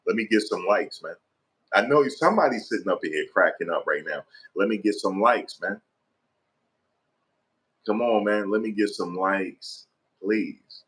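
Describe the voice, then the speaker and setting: A man doing casual vlog commentary, animated and slangy, repeatedly pleading with viewers for likes. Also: lowish voice, a little slow, pauses often. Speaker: online commentator.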